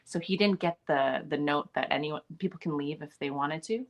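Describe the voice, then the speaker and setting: Being interviewed, a woman actor shares behind-the-scenes stories at a normal speed in a low-sitting voice. She's chatty and laughs often, with plenty of restarts and filler words in her casual storytelling.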